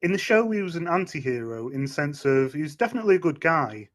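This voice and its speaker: A man hosting a casual interview, eager as a fan and halting with fillers and restarts. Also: on the high side, big pitch swings. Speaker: interview host.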